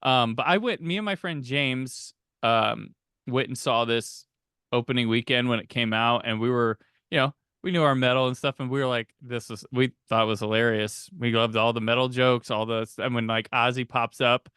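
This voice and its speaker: Smooth-voiced man, dry close sound. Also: medium pitch, fairly bright tone, no room sound. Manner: rambling, laughs often, quick mimicry of lines. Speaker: podcast host. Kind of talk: casual movie chat.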